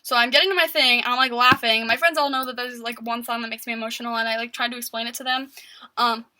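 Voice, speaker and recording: A woman's voice: fairly high pitch, fairly even intonation, quick pace, sharp tone, no room sound, poor audio. A teenage girl vlogging a casual story at home, rambling with lots of fillers. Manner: rambling, filler-heavy with constant "like".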